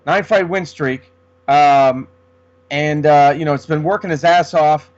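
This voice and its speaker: Male co-host, rambling casual sports talk, higher voice, dull lo-fi recording. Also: steady tone, unhurried. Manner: rambling, many restarts. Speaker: podcast co-host. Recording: dull lo-fi sound.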